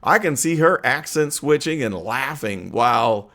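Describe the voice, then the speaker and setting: Lively conversational man vlogging his opinions. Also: medium pitch. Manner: earnest, conversational, with frequent uh and um pauses. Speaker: political commentary host. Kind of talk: opinion vlog monologue.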